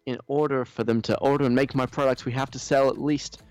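A man's voice: medium pitch, fairly even intonation, brisk, a little mellow, no echo, soft background music, close to an everyday voice. A man voicing an entitled, whiny young woman influencer with a put-on American accent, gushing and self-pitying.

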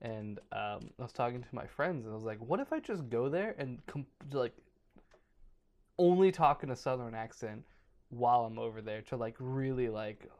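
A man's voice: medium pitch, moderate pace. A man co-hosting a podcast who jokes and banters through casual chat. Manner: joking, animated banter. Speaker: podcast co-host.

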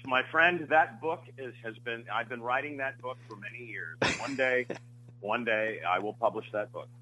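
A man, a screenwriter being interviewed, telling stories in a halting way with many fillers and restarts, on muffled lo-fi audio. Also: medium pitch, sharp tone. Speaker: screenwriter guest. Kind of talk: interview storytelling.

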